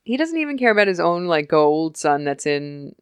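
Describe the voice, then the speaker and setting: A young woman co-hosting a podcast, chatting casually about a TV episode and acting out the characters in quick voices, laughing often. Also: deep voice, sing-song, clear, resonant tone, no echo. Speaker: podcast co-host recapping a TV episode. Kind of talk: casual chat.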